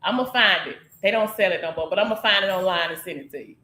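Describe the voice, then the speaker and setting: A woman chatting casually as a guest, relaxed and chiming in. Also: fairly low pitch, quick pace, echoey room. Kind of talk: casual interview chat.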